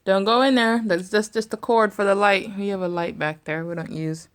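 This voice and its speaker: A woman's voice: mid-range voice, fairly even intonation, moderate pace, clean tone. A young mother at home in her bedroom, talking to her toddler in coaxing, sing-song baby talk and often laughing. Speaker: vlogger mother.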